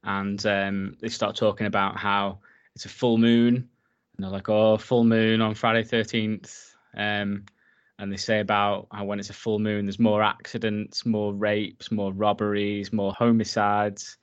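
A man's voice: on the low side, monotone, unhurried, clear, resonant tone, highs cut off. A man casually recapping a horror film for his co-host, enthusiastic and swearing freely. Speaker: podcast co-host.

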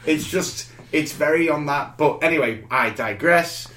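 Brief: male podcast co-host, slightly high voice, animated storyteller, roomy echoey recording. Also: a little slow. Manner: animated storyteller, acts out quotes. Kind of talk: casual chat. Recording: roomy echo.

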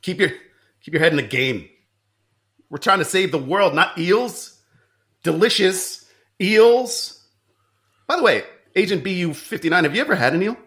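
A man's voice: high voice, animated, normal speed, pauses often, a bit bright, pitched above the performer's own voice. A man playing a bossy, teasing agency chief. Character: brusque male agency boss recruiting agents. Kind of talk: improvised comedy skit.

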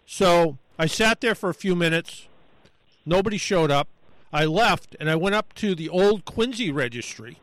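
A man's voice: high voice, animated, normal speed, fairly bright tone, dry recording, poor audio. A man telling a long casual story on a talk show, rambling and acting out what people said to him. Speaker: guest storyteller.

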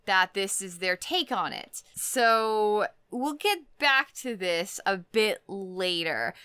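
A woman co-hosting a casual podcast, giggling as she retells film scenes and quickly acts out the characters' lines. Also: mid-range voice, animated, bright, forceful tone, smooth, dry recording. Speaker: podcast co-host. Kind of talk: casual chat recapping a film.

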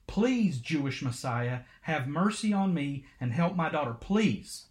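A man's voice: mid-range voice, lively intonation, measured pace, a little mellow, natural voice. A man voicing a desperate mother, pleading urgently for help for her child. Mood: begging.

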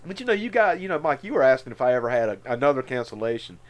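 A middle-aged man, co-hosting a podcast and telling a story in a slangy, animated way, laughing often and calling the others man and dude. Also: mid-range voice, very fast. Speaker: podcast co-host. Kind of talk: casual storytelling chat.

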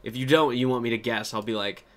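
A man's voice: medium pitch, fast talker, a bit bright. Male co-host, mid-range voice, chatty and giggly, goofy rambling delivery. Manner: laughs often, jokey and rambling. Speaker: podcast co-host. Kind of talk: casual chat.

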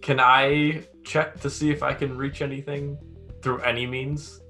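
A man with a bright, sharp-edged voice plays in a tabletop role-playing game. He asks questions hesitantly, often stumbling at the start. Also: medium pitch, level tone, a little slow, soft background music. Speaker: player. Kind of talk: casual tabletop game talk.

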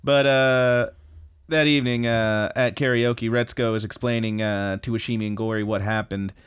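A man co-hosting a podcast, recapping anime episodes in casual chat, animated and swearing freely. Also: medium pitch, moderate pace, clean tone. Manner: animated, profane, laughing storyteller. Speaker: podcast co-host.

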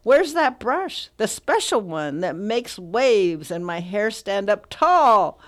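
A woman guest in a radio studio, speaking earnestly and reading a poem aloud in a measured way. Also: medium pitch, sing-song. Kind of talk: poetry reading and casual radio talk.

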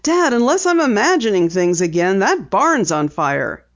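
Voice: mid-range voice, very animated, unhurried. A reader voicing a spirited teenage girl in a storybook reading, speaking eagerly and insistently. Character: plucky teenage girl sleuth. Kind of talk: audiobook character reading. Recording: dull lo-fi recording.

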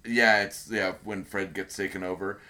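A man's voice: sits low, steady tone, normal speed, sharp tone. Rambling man chatting on a podcast. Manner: rambling, many fillers and restarts. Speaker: podcast co-host. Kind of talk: casual chat.

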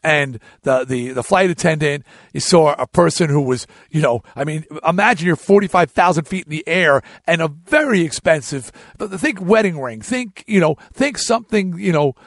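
A man hosting his own show, telling a story in a casual, animated monologue with frequent restarts. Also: fairly high pitch, normal speed, no echo, clean studio sound. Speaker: show host.

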